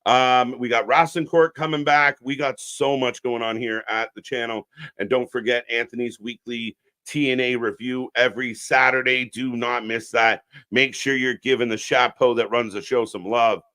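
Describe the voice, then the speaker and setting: A man with a steady, medium-pitched, bright and forceful voice at normal speed leads a live wrestling watch-along stream. Talking to the chat, he delivers unscripted alternative commentary full of blunt sarcasm and plenty of cursing.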